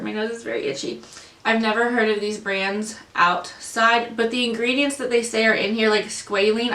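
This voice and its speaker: Exasperated bright-voiced woman vlogger. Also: mid-range voice, reverberant, distant mic. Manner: ranting, exasperated, frequent fillers. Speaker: beauty vlogger. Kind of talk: casual unboxing review.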